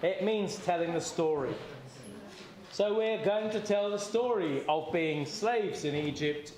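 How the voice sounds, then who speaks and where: Male seder leader, fairly high voice, chatty and encouraging, echoey room. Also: measured pace, a little mellow. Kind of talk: leading a group seder. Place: community hall or synagogue.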